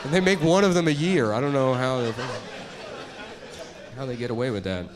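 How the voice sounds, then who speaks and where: A middle-aged man doing stand-up, rambling in a deadpan way and trailing off into mumbles. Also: mid-range voice, fairly quick, a crowd in the background. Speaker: comedian. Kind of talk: stand-up comedy bit.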